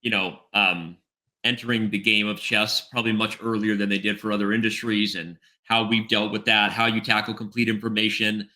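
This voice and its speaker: Man, middle-aged, podcast guest, casual chat, thinking aloud, very bright tense tone. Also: lowish voice, flat delivery, a little fast. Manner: thinks aloud, tags points with "right?". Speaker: podcast guest, chess executive.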